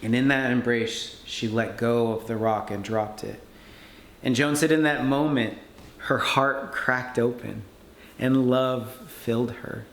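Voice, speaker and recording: A man speaking at a conference, telling a story in an animated way and acting out the people he quotes. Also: medium pitch, a little slow. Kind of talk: storytelling talk. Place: conference hall. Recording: echoey room with faint background noise.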